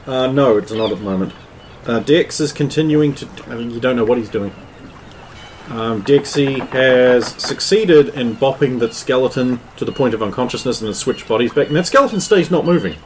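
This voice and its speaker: A man's voice: medium pitch, moderate pace, darkish tone, slight background noise, rough recording. A man running a tabletop game as game master, narrating loosely with many fillers.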